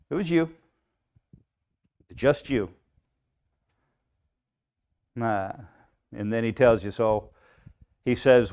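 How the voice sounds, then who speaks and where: A man leads a live Bible study as pastor, in a middle-pitched voice. He talks to the room casually, with frequent "right?" check-ins and little acted-out inner voices. The recording sounds dull and lo-fi. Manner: conversational preaching, frequent "right?" asides, acts out inner voices.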